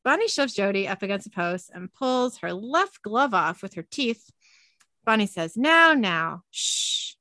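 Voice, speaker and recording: A woman's voice: mid-range voice, lively intonation, moderate pace, fairly bright tone, no room sound. A woman host animatedly recapping a TV episode in casual narration, laughing often.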